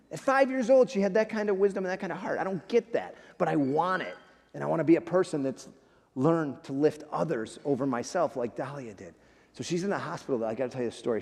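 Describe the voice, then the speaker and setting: A man's voice: medium pitch, a little mellow. A male guest speaker giving an emotional, conversational sermon in a church, often calling the listeners "friends" and "man". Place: church sanctuary. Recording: long reverb of a large hall.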